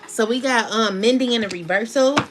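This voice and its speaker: A woman's voice: on the high side, a little fast, over music. A woman giving a casual spiritual tarot reading, talking in a chatty, slangy, laughing way. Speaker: tarot reader.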